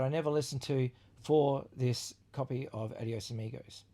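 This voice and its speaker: A man's voice: mid-range voice, steady tone, normal speed, dark tone. A man hosting a casual video about his record collection, talking with rambling enthusiasm, swearing freely and leaning on fillers. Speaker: vlog host reviewing his record collection. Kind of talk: casual chat.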